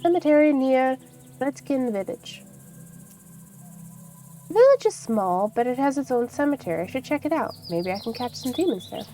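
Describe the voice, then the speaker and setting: A woman's voice: sits high, sing-song, normal speed, pauses often, warm tone, faint music behind. A woman streaming a video game, reading its text aloud with casual asides. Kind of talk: casual let's-play commentary.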